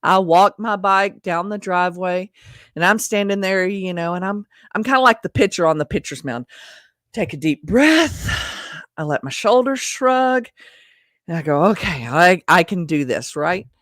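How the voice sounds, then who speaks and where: A woman's voice: mid-range voice, lively intonation, normal speed, fairly bright tone, dry recording, clean studio sound. A woman vlogger telling a personal story in a chatty, self-deprecating way, speaking straight to her viewers. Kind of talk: casual storytelling to camera.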